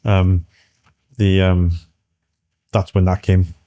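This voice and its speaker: A middle-aged man from the UK, speaking earnestly and haltingly as an interview guest, with many restarts. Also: deep voice, flat delivery, mellow, no room sound, studio quality. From United Kingdom. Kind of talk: candid personal interview.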